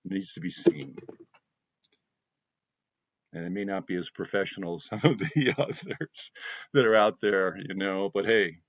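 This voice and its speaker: A man with a fairly low voice gives a heartfelt spiritual talk, passionate and openly emotional. He repeats his key words for emphasis. The sound is dull and lo-fi, with a dry feel. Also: measured pace, long pauses, no room sound. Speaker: spiritual channel host.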